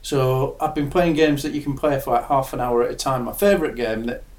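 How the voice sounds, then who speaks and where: A man's voice: medium pitch, brisk, darkish tone. A young adult man, chatting casually and enthusiastically, swearing now and then. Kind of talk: casual chat. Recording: echoey room.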